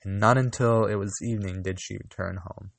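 A man reading a fairy tale aloud, slow and deliberate, with small restarts. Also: on the low side, steady tone, vocal fry, dry recording. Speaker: reader.

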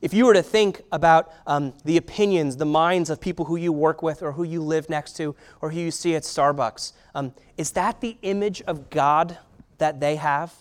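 A man's voice: on the high side, moderate pace. A man preaching a sermon in a conversational way, with filler words and rhetorical questions. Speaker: pastor.

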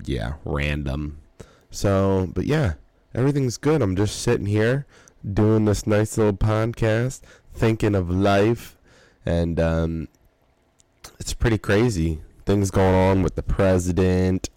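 Tired man rambling early morning, low voice. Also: dark tone, no echo. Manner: rambling, loose, swearing, many fillers. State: tired, yawning. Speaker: podcast host. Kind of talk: casual early-morning monologue.

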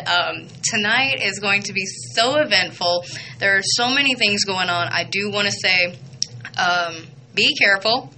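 A young woman hosting a radio show, chatting excitedly and rambling with lots of fillers. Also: mid-range voice, slight background noise, poor audio. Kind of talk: casual chatty radio intro.

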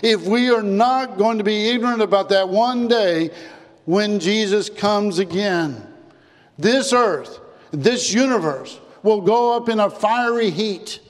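A man preaching a sermon as pastor, emphatic, repeating phrases and dropping low and soft on key words. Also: slow, big-room sound. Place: church.

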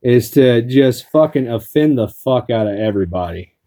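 A man's voice: mid-range voice, expressive, normal speed, mellow. A man hosting a crude comedy podcast, rambling and swearing constantly. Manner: profane, rambling. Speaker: podcast host.

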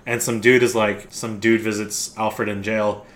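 A man's voice: lowish voice, flat delivery, a little slow, fairly bright tone. A man co-hosting a podcast, chatting casually about a movie, rambling with lots of restarts and swearing freely. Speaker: podcast co-host.

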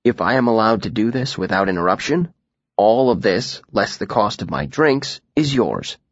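A man voicing a young man in disguise who talks quietly with a put-on rasp in his throat. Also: on the low side, animated, no echo, dull audio. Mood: hushed. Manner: hushed, deliberate.

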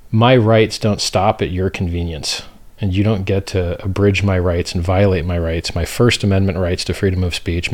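A very deep-voiced American man speaking as an interview guest. He talks bluntly and with emphasis, slipping into a rant. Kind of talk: casual conversational interview.

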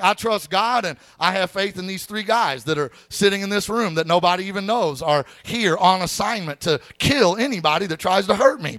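A man preaching a sermon as pastor. His voice sits high and sounds dry and close, with no room echo. He tells stories in an easy, talky way and keeps calling out to his listeners. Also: a bit bright. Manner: conversational storytelling with preacher call-outs.

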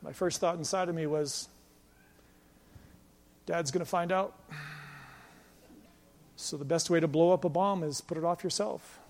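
A male pastor preaching a sermon with passion, moving between loud emphatic lines and quiet storytelling. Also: fairly high pitch, steady tone, a little fast, hardly any pauses. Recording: long hall reverb.

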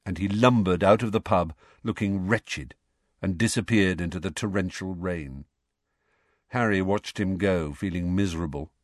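A man reading an audiobook in an expressive storytelling manner. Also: deep voice, normal speed, no echo, clean studio sound. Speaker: audiobook reader. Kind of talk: audiobook narration.

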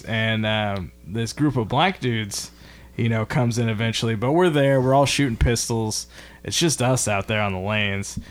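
A man co-hosting a casual podcast, telling a story with plenty of swearing and laughter. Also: on the low side. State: drinking beer. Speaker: podcast co-host. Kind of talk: casual chat.

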